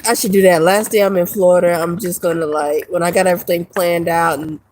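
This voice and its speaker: A woman's voice: on the low side, steady tone, brisk, a little mellow, a little hiss or hum, low-quality recording. A woman vlogger ranting casually to her viewers, profane and rambling, laughing often. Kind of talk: casual rant to camera.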